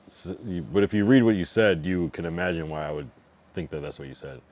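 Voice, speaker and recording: A man's voice: low voice, animated, fairly quick, darkish tone. A man in his late thirties, a livestreamer rambling in casual chat, swearing and answering his chat.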